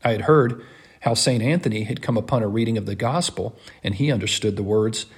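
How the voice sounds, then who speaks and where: A man giving an earnest, impassioned first-person reading of a classic text in a measured delivery. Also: on the low side, husky.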